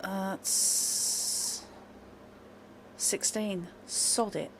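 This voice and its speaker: A woman narrating as game master of a tabletop game, talking in an unhurried, chatty way with asides. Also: mid-range voice, fairly even intonation, background noise.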